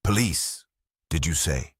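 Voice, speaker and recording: A man's voice: extremely low pitch, sing-song, normal speed, husky, no echo, studio quality, heavily acted. A man voicing a stiff, clipped army major in a read-aloud mystery, with a short staccato delivery.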